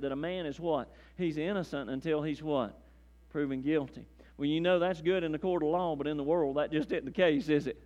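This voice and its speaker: A man preaching a sermon as pastor, folksy, calling listeners "man" and "beloved", swinging from loud fervor to hushed intensity, in a church. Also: a little high, big-room sound.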